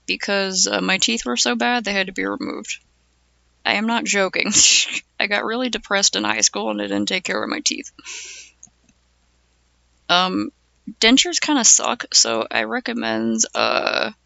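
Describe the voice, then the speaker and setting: Young adult streamer, flu-phlegmy and very gravelly, casual rambling chat, dry close sound. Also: mid-range voice, pushed and bright, dry recording. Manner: rambling, chatty, full of "like" and "uh".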